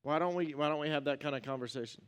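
A young man gives a relaxed, joking sermon to a church crowd. His voice sits a bit higher than most men's. He chats like he's with friends and slips into quick acted-out quotes. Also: clear, resonant tone. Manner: joking, conversational, acts out quotes. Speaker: pastor. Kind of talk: casual sermon.

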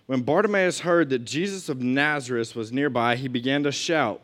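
A man's voice: mid-range voice, lively intonation, normal speed, a bit bright. A man teaching a Bible lesson to a group in a conversational way, reading scripture and adding asides and questions.

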